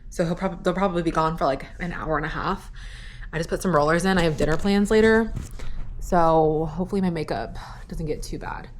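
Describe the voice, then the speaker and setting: A young woman talks to the camera at home in a loose, chatty way, filling gaps with "like." She sounds tired. Her voice sits a little low, with a faint hiss in the background. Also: reverberant. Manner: chatty, says "like" often. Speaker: vlogger. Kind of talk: casual pregnancy vlog.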